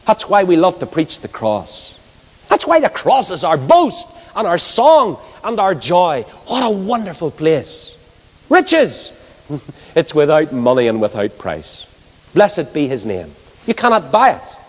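A man's voice: on the high side, huge pitch swings, unhurried. Man, evangelistic preacher, fervent and swooping delivery, long hall reverb. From Northern Ireland. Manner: impassioned, swings from loud exclamations to hushed storytelling. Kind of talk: evangelistic sermon.

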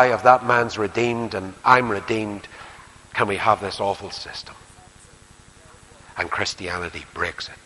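An older man with a Northern Irish accent preaching a sermon and leading prayer, earnest, swinging between emphatic lines and hushed near-whispers. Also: on the low side, fairly even intonation, a little slow, long pauses. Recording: long hall reverb, faint hiss.

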